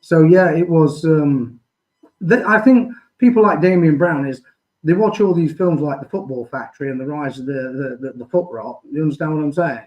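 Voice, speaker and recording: A man's voice: fairly high pitch, moderate pace, a little mellow, highs cut off. A man with a Midlands English accent, a guest in a live chat, rambling through anecdotes.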